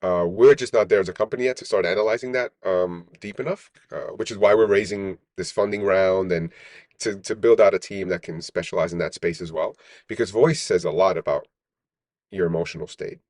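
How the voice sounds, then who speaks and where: A man's voice: sits low, a little fast, a little mellow, dry recording. A man, a startup founder, talking as a guest in a casual podcast interview, rambling with many restarts and "right?" tags.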